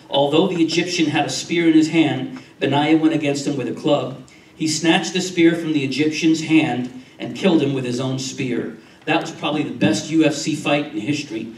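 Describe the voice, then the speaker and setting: A male pastor whose voice sits on the high side preaches in a church sanctuary, leaning on repetition and regularly checking in with "Amen?" The distant, roomy recording carries a little hiss or hum.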